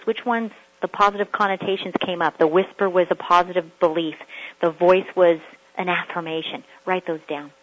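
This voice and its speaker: A woman's voice: lowish voice, breathy edge, dull audio. A woman working as a personal coach, giving an earnest motivational talk that repeats rhetorical questions.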